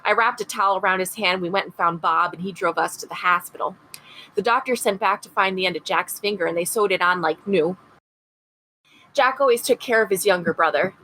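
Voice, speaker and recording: A woman's voice: medium pitch, brisk, bright, forceful tone, rough recording. A woman reading aloud as a working-class mother from upstate New York, trying a Rochester accent. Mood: wistful. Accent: Rochester, upstate New York (imitated). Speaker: podcast co-host.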